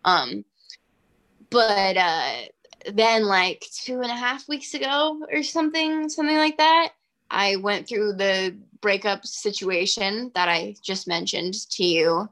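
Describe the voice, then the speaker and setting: A woman's voice: medium pitch, slow. A woman in her twenties, a singer-songwriter, telling stories in a casual interview with lots of fillers. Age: 20s. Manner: chatty, heavy use of "like", animated.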